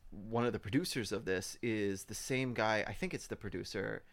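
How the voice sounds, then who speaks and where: Man, podcast co-host, gravelly fry, halting delivery with lots of ums. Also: fairly low pitch. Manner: hesitant, many ums, looks things up. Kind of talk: casual film review chat.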